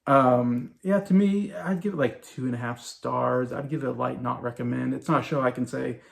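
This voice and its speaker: Speaking at normal speed in a gravelly medium pitch, a man roughly forty years old gives a rambling, casual take on a TV show. His retelling is loose, peppered with fillers and little chuckles.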